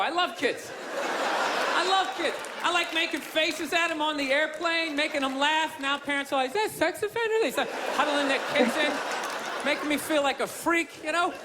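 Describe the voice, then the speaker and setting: A man's voice: very high-pitched, moderate pace. A man doing a stand-up set on a theater stage, ranting and cursing in a self-deprecating way into a handheld mic. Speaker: stand-up comedian. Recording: live show with loud crowd noise. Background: roaring audience laughter.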